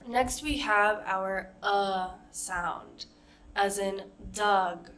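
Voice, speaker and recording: A woman gives a pronunciation lesson at a very slow, deliberate pace. She models each vowel sound and its example words with patient care. Her pitch sits in the middle. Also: steady tone, a bit bright. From United States. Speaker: accent coach.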